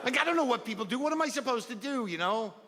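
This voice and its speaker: A man's voice: extremely high pitch, expressive, quick pace. A middle-aged man doing a stand-up comedy set, ranting in a neurotic, self-deprecating way and acting out little asides. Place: stage in a comedy venue. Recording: live venue with long reverb and loud crowd noise.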